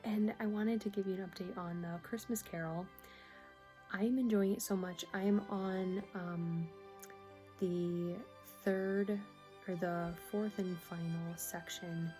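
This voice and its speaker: A woman's voice: lowish voice, dark tone, rough recording. A woman vlogging casually about knitting, rambling and giggly, often breaking off mid-sentence. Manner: rambling, giggly, self-interrupting. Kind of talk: casual chatty vlog.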